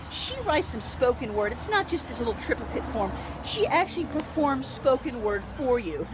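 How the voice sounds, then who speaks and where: A woman's voice: high voice, background noise. A woman, chatting in a rambling, improvised monologue and laughing often. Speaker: local video host.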